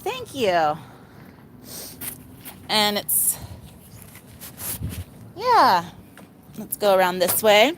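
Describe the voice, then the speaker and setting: A woman's voice: mid-range voice, huge pitch swings, drawn-out words, pauses often, a bit bright, a little hiss or hum. A woman vlogging outdoors in her garden on a handheld phone, rambling casually and laughing often. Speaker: vlogger showing her pet pig and garden. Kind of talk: casual chat.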